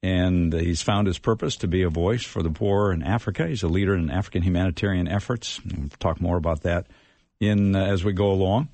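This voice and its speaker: Low-voiced halting interview host. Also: male voice, mellow, no echo. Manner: halting, with many fillers. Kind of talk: interview introduction and question.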